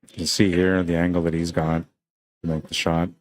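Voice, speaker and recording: A man doing relaxed, chatty play-by-play commentary on a live pool stream, often tagging his lines with "man.". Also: deep voice, a little fast, no echo. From Canada.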